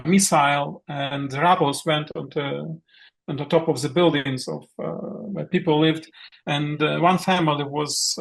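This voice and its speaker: A middle-aged man from Ukraine with a Ukrainian accent, speaking haltingly over a video call as a guest theologian. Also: fairly high pitch, vocal fry, a bit bright. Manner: halting, searching for words. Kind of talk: online meeting talk.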